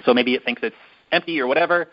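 A man hosting a casual chat, telling a long story in a rambling, drawn-out way with many fillers. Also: mid-range voice, slight background noise. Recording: dull lo-fi recording.

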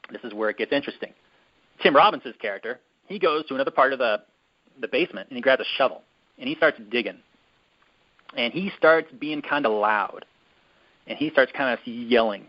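A man hosting a casual chat, telling a long story in a rambling, drawn-out way with many fillers. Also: medium pitch. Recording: dull lo-fi recording.

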